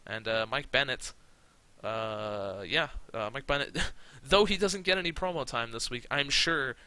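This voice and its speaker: A man's voice: medium pitch, a little slow, bright, forceful tone, smooth. A man hosting casual let's-play commentary, rambling with fillers, swearing and frequent laughs. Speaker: gaming channel host.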